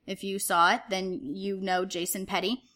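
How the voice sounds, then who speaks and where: A woman co-hosting a relaxed theater chat. She talks with bubbly enthusiasm and likes to tease her partner. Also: medium pitch, normal speed. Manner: chatty, enthusiastic, teasing. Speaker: podcast co-host. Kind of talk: casual chat about upcoming theater shows.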